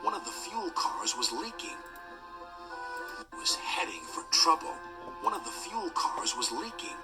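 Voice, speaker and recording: A man narrating a children's story with expressive storytelling and doing each character's voice. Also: a little high, measured pace, rough recording. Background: background music.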